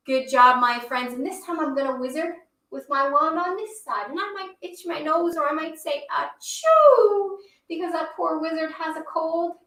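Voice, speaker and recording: A woman's voice: high-pitched, fairly bright tone, roomy sound, far from the mic. A woman teaching yoga to children. She reads a rhyming story aloud and leads the poses in an upbeat, encouraging, sing-song way.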